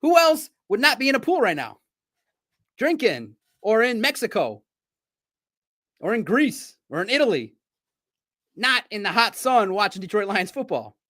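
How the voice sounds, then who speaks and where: A man hosting a live sports talk stream, talking straight to his viewers in a playful, animated way. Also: high-pitched, normal speed, long pauses.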